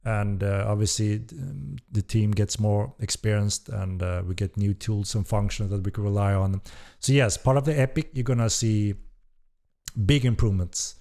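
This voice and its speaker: A man with a lowish voice and vocal fry reads chat questions aloud at normal speed during a casual live-stream Q&A he's hosting as a game developer. He sounds relaxed and hesitant and swears casually.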